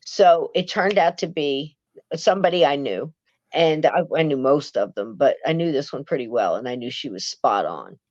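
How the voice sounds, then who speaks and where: A woman's voice: sits low, expressive, normal speed, a little mellow, no room sound. Woman rambling thru a spooky story, restarts a lot, dry muffled mic. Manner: chatty, acts out quoted voices, frequent restarts. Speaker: guest, paranormal author. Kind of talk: casual storytelling chat.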